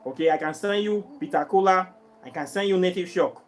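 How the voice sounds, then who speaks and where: High-voiced Nigerian man ranting. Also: a little fast, faint music behind. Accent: Nigerian, mixing in Pidgin. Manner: exasperated, repetitive complaining. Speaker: vlogger selling herbs and spiritual products. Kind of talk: casual vlog rant to viewers.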